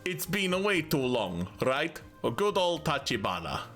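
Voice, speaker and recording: A man voicing a gruff male schoolmate in a game, with a heavy put-on Russian accent and a deadpan, booming delivery. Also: a little slow, faint music behind. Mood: friendly. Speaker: let's play streamer voicing a game character.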